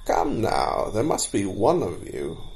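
A fussy old male deer who tells tales to the fawns, stern and quick to scold, put on by a man reading a storybook. He speaks slowly in a mellow, lowered voice. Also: wildly swooping pitch, vocal fry, full character voice, low-quality recording.

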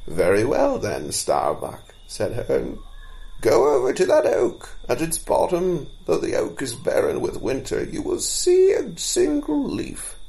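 A man reading as a mighty deer god of the forest, commanding and solemn, his voice swinging widely up and down. The speech comes in slow, measured phrases with a gravelly edge, as in a storybook read aloud. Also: mid-range voice, huge pitch swings, mellow, pitched above the performer's own voice, exaggerated voice, poor audio.

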